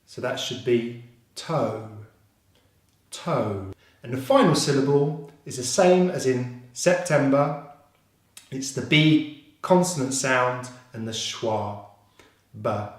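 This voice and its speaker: A man with a British accent teaching English pronunciation, slowly repeating each sound and encouraging his learners. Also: mid-range voice. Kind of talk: pronunciation lesson. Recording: very echoey room.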